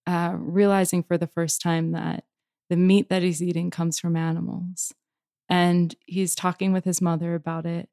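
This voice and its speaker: A woman's voice: lowish voice, gravelly, dark tone, no echo, clean studio sound. A woman poet and author answering interview questions reflectively, searching for words as she goes. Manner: thoughtful, searching, halting restarts.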